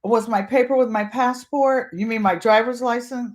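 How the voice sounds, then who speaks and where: An older woman from Connecticut, host of a quilting channel, telling a funny travel story in a casual, animated way and acting out the voices of people in it. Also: on the high side, normal speed. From Connecticut, USA. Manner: animated, comic, acts out voices in her story.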